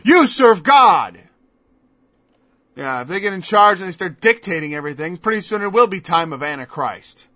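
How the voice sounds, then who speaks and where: A man's voice: a little high, animated, fast talker, hardly any pauses, pushed and bright, no echo. A man preaching a sermon, emphatic and scornful, firing off rhetorical questions on a dull lo-fi recording.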